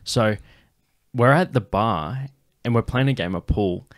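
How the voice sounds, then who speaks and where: A man's voice: medium pitch, measured pace, no echo, clean studio sound. A young Australian man hosting a comedy podcast, telling a rambling, profane story full of ums and restarts and laughing often. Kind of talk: casual chat, rambling anecdote.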